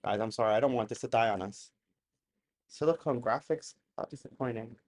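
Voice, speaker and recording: A live-stream host casually reacting to old videos, excitable and chatty, bursting into loud exclamations and making apologetic asides to viewers. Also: mid-range voice, fairly quick.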